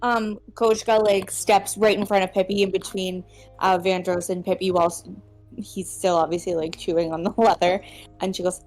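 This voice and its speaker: A woman's voice: fairly low pitch, little pitch movement, normal speed, a little mellow, faint music behind. A woman player casually narrating her character's actions in a tabletop game, with some hesitation.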